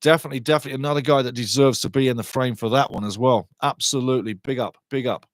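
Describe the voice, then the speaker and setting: A middle-aged man hosting a live match watchalong, commentating on play and chatting with viewers in a lively, excitable way. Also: rapid-fire, no echo, clean studio sound. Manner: excitable, chatty, rises in pitch and volume on attacking play. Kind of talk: live fan commentary with chat reading.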